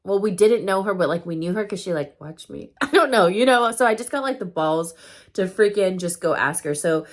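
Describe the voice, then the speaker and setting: A woman's voice: medium pitch, animated, fairly quick. A woman vlogger telling a story time in casual chat, full of fillers and loose swearing.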